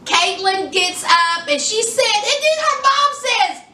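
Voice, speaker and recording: Sassy high-voiced woman recapping TV. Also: very animated, slow pace, sharp tone. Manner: sassy, chatty, addresses viewers as y'all and honey. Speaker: reality TV reviewer. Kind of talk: casual recap chat. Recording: echoey room, voice a bit far from mic.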